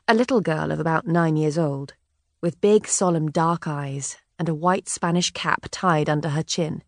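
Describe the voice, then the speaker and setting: A woman narrating a historical novel in a measured, even way. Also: low voice, no echo, studio quality. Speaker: audiobook narrator. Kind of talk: scripted narration.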